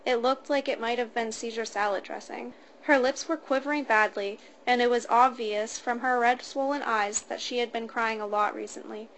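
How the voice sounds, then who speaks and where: A woman's voice: fairly high pitch, steady tone, moderate pace, fairly bright tone, a little hiss or hum. Woman narrating a first-person story.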